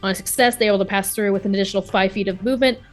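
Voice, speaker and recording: A woman with a mid-pitched voice, playing in a tabletop game and describing her moves hesitantly with many fillers. Soft music sits in the background. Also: steady tone, racing. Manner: hesitant, full of fillers and restarts. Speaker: player.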